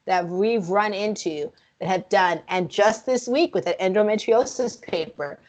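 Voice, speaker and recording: A woman co-hosting a casual film review chat, frank and profane, speaking in an animated way. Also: medium pitch, normal speed. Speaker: podcast co-host.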